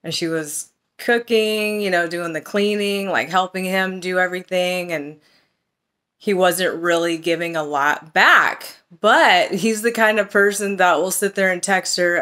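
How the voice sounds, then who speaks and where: A woman's voice: on the low side, fairly even intonation, unhurried, sharp tone, clean tone. A woman coaching on relationships and self-love, telling a story in a casual chatty way and lifting her voice to act out quoted messages. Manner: chatty, storytelling, acts out quoted texts with lifted voice. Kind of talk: casual talk to camera.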